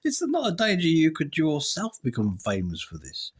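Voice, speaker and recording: Husky man asking earnest questions. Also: on the high side, huge pitch swings, normal speed. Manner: earnest questioning with hesitant fillers. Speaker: interviewer. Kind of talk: mock-serious interview.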